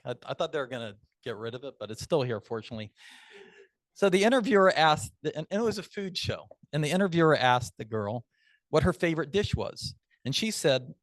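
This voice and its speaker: A man's voice: a little high, no room sound. A man leading table topics at a club meeting, chatty and upbeat with storytelling asides.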